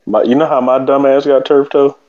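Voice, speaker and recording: A man co-hosting a podcast, telling stories in lively, profane casual banter. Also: medium pitch, a little fast, highs cut off. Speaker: podcast co-host.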